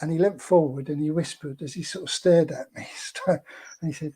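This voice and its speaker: Male guest, fairly high mellow voice, rambling storyteller. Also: normal speed, breathy edge. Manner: chatty and rambling, with many fillers. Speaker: guest, former film extra. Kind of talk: casual anecdote telling.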